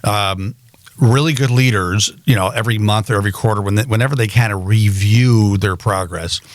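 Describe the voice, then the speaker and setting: A man's voice: lowish voice, brisk. A man hosting a podcast interview, an enthusiastic interviewer who affirms his guest often. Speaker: podcast host. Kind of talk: conversational interview.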